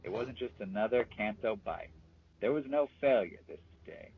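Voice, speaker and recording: Animated man narrating a game story. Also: lowish voice, moderate pace, creaky, slightly rough. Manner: animated, amused, chatty. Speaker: gaming storyteller. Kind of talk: playful story narration over gameplay. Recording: dull, muffled recording with faint music.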